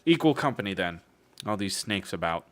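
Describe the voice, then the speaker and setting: A man voicing a burly, gruff military commander who growls his blunt lines. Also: lowish voice, very animated, moderate pace, a bit bright.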